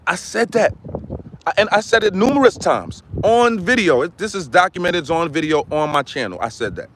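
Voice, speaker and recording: Impassioned man with high voice. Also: big pitch swings, brisk, fairly bright tone, a little hiss or hum, rough recording. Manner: impassioned, repetitive, restarts often. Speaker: commentary channel host. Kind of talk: heated monologue.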